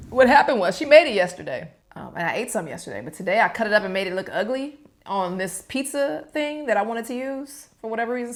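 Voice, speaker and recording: Woman vlogger, mid-pitched, chatty, talks to viewers between bites. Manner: eats while talking. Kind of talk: casual mukbang chat.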